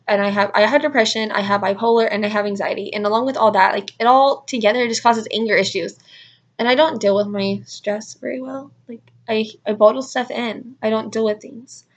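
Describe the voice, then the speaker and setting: A young adult woman telling a story in a casual vlog, rambling with constant "like" fillers. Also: medium pitch. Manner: rambling, heavy use of "like" fillers. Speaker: vlogger.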